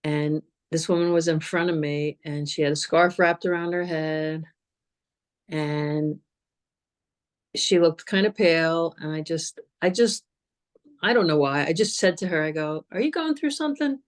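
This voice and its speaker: A woman with a somewhat low-pitched voice tells her story as an interview guest. She talks casually and with energy, stumbling over repeated words and laughing easily. It sounds like a relaxed, friendly conversation. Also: measured pace, clean tone. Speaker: guest, cancer survivor.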